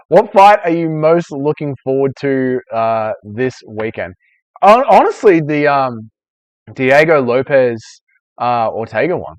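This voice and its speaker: A man's voice: mid-range voice, very animated, measured pace, dry recording. Young guy, streamer, rambling chat, swears a lot, dry muffled audio. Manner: chatty, swears freely, loose and rambling. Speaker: streamer host. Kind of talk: casual live-stream Q&A chat.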